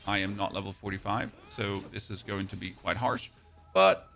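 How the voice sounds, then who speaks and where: German man narrating gameplay, gravelly edge. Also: fairly low pitch, fairly even intonation, sharp tone, faint music behind. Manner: enthusiastic, rapid play-by-play calls. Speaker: gaming youtuber. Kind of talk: gameplay commentary.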